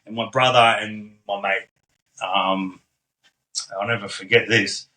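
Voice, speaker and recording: Bright-voiced man, laid-back and blunt. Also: on the low side, steady tone, a little slow, rough recording. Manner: blunt and laid-back, swears freely, frequent ums and likes. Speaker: podcast guest. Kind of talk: casual storytelling conversation.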